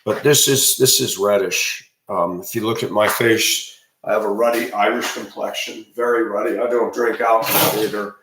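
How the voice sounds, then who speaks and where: A man's voice: fairly low pitch, steady tone, moderate pace, far from the mic, noisy background. A man in his fifties giving an emphatic, rambling ranting monologue with frequent restarts. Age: 50s. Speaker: video commentator. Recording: very echoey room, voice off-mic.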